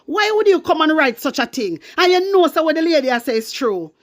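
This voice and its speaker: High-voiced Jamaican woman ranting. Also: big pitch swings. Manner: indignant, passionate, fast patois rant. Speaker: vlogger. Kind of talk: ranting commentary vlog.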